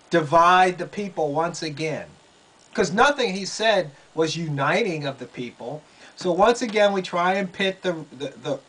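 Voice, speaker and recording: Man, high voice, slow delivery, sarcastic incredulous commentary, repeats points. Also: fairly bright tone, poor audio. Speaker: political commentary vlogger. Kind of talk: casual commentary. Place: quiet room under a roof in rain.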